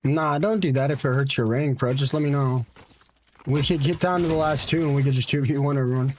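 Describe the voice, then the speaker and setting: A man's voice: mid-range voice, fairly even intonation, fairly quick, a little mellow, slight background noise. A man streaming a game, chatting offhand with his viewers and teammates and teasing them casually. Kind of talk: casual gaming stream chat.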